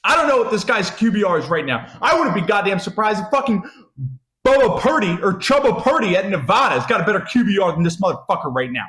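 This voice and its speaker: A young American man hosts a college football podcast, delivering profane, ranting sports talk with constant swearing and repeated lines. His high, sing-song voice moves at a quick pace, swinging from loud to muttering in a roomy space.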